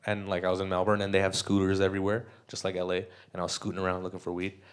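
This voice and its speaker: A man's voice: sits low, monotone, very fast, smooth. A young Canadian man doing a live stand-up set, crude and loose, often laughing at his own jokes. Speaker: stand-up comedian. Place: comedy club stage. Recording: live club crowd audible. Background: audience laughter.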